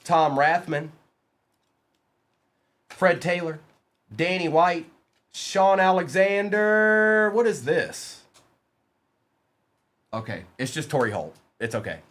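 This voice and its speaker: Animated man running a live card break. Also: on the high side. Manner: rapid, excitable, banters with chat by name.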